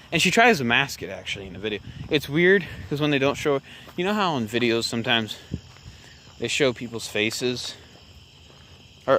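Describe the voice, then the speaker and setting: A man's voice: mid-range voice, a bit bright, a little hiss or hum. A man doing casual political commentary in a vlog, rambling and sarcastic, with lots of fillers and restarts, filmed on a handheld camera while he walks around outdoors at dusk. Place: outdoors in a rural area at dusk, moving around.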